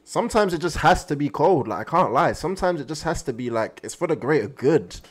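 A man hosting an anime reaction video, talking in an excitable, slangy way straight to his viewers. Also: on the high side, brisk. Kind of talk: casual reaction commentary.

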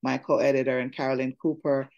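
A woman's voice: a bass voice, little pitch movement, a little fast, gravelly, a little mellow, lo-fi sound. A Jamaican woman poet chatting easily as she introduces poems at a literary reading, with frequent fillers and restarts. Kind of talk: spoken introduction to a poetry reading.

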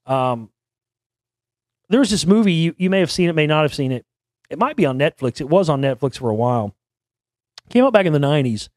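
A man's voice: a little high, animated, fairly quick, long pauses, a little mellow, dry recording, studio quality. A man in his forties hosting a show, talking in a rambling, blunt and profane casual monologue. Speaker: show host.

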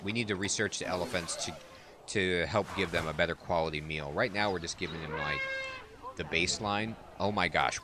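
A man's voice: sits low, background noise. A man casually commenting on a zoo-building game as he plays, chatty and amused, talking to the animals. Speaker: let's play host.

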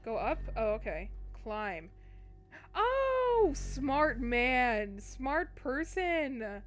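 Woman, game streamer, high voice, unhurried, chatty with viewers, jumpy. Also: big pitch swings, faint music behind. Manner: jumpy, chatty, talks to her chat while playing. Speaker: Twitch streamer. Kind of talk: live gameplay commentary.

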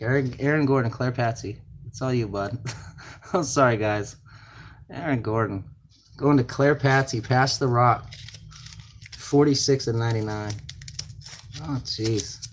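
A man with a mid-range voice hosts a card break, calling out card names and numbers in casual, chatty opening commentary. He sounds flustered and distracted, with slight background noise in the recording.

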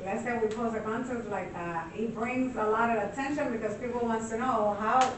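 A native Spanish-speaking woman speaking up in a church workshop, explaining eagerly. Her voice sits somewhat high and comes from across the room. Clear room noise and heavy echo surround her. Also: normal speed. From Spanish-speaking country. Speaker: workshop participant. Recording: echoey distant room recording.

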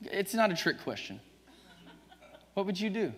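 A man's voice: high-pitched, very animated, unhurried, a bit bright. A man with a Southern US accent preaching a sermon to his congregation, emphatic and joking with them, chuckling often. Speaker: pastor. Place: church sanctuary. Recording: church livestream, long reverb.

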